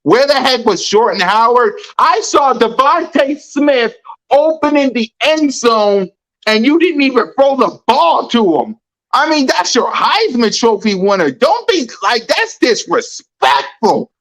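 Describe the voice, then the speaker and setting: A fired-up sports podcast host hammers points home, repeating lines for emphasis. The voice sits at an everyday middle pitch, and the delivery is loud, heated and blunt. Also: sing-song, a little slow, rough recording. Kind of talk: ranting sports talk.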